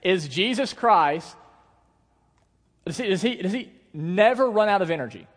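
A man with a somewhat high voice, preaching as a pastor in a casual, storytelling way, often turning to the congregation with questions. He is recorded in a church sanctuary, and his voice carries a long, ringing reverb. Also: measured pace. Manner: conversational, animated storytelling with asides to the congregation. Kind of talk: sermon.

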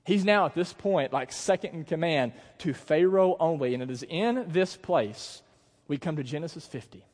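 A male pastor preaching a sermon in an animated storytelling manner, acting out the scenes as he goes. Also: a little high, moderate pace. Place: church sanctuary. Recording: long church reverb.

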